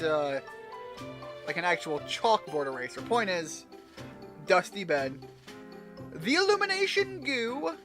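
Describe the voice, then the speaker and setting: A man with a high voice talks his way through a video game in loose, rambling let's-play chatter. He jokes and drops the odd swear. Game music plays clearly behind him. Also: pushed and bright. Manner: rambling, joking, swears casually. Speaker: gamer playing a video game. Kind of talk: casual let's-play commentary.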